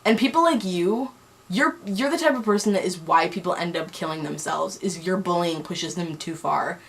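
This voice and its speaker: A woman's voice: lowish voice, normal speed. A young woman telling a personal story on a vlog, angry and heated, rambling with many restarts. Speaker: vlogger.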